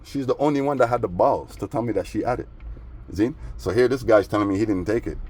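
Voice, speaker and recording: A man's voice: fairly low pitch, quick pace, darkish tone. A man rambling through a story in casual street slang, aggrieved and agitated. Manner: streetwise, peppered with "man" and "bro". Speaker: vlogger.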